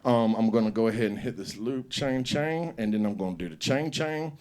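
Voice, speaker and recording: A man's voice: lowish voice, a little fast. A middle-aged man hosting a comedy show on stage, telling profane stand-up stories and acting out scenes. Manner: loud, profane storytelling with act-outs.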